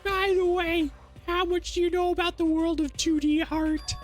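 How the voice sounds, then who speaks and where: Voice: very high-pitched, steady tone, soft background music, voice pushed up. A streamer putting on a pompous nerdy teen boy. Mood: grandiose. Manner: pompous, grandiose and drawn-out. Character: boastful nerdy teen boy, fan-comic creator. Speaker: VTuber streamer. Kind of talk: voicing a visual novel on stream.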